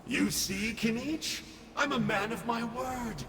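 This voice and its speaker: A man's voice: very high voice, takes it slowly, very noisy, heavily acted. An actor playing a smug, treacherous male villain in a video game, speaking in a theatrical, sly and mocking way. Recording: long reverb game audio. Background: game music.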